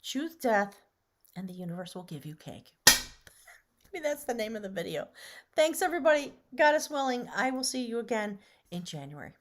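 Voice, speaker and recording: A woman doing a casual tarot and rune reading, chatty, sometimes dropping to a soft whisper. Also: fairly high pitch, sing-song, moderate pace, noisy background. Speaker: tarot reader.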